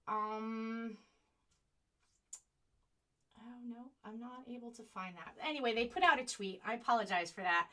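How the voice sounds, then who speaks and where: A woman with a bright, clear voice hosts a live online stream. She talks straight to her viewers, indignant one moment and apologetic the next as she hunts for links on a slow computer. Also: fairly high pitch. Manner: animated, indignant. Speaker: online show host.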